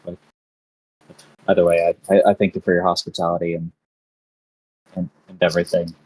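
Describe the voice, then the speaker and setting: A man playing Renwick, a frazzled, polite adventurer who stammers and rushes his words. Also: low voice, little pitch movement, darkish tone, slightly rough, rough recording. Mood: grateful. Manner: stammering, fast, proper.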